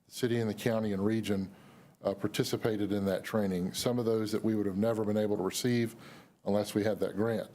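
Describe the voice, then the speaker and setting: A hoarse man with a somewhat low voice speaks as an emergency manager at a public news conference. His delivery is measured and official, with many pauses and fillers between phrases. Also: darkish tone. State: losing his voice. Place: city news conference room.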